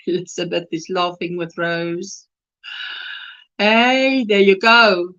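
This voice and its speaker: A woman's voice: mid-range voice, lively intonation, slow, pushed and bright, highs cut off. A South African woman hosting a crochet livestream, chatting casually and reading out and greeting viewers' comments by name.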